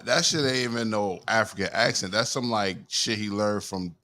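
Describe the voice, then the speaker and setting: Deep-voiced laid-back male host. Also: moderate pace, sharp tone, no room sound, studio quality. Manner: laid-back slang, reads viewer comments aloud. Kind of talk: casual chat show.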